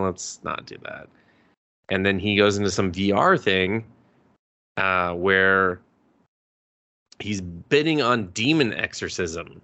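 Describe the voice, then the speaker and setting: Low, bright-voiced man rambling casually. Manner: rambling retelling, quoting characters, chuckling. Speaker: podcast co-host. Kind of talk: casual chat recapping anime episodes.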